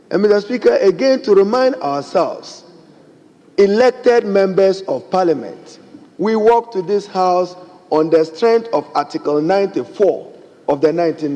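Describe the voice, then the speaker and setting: A man's voice: on the high side, dark tone. A middle-aged man with a Ghanaian accent giving a formal, emphatic speech in a parliamentary debate, repeatedly addressing the Speaker. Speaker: member of parliament. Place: large parliament chamber. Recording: long chamber reverb, faint background noise.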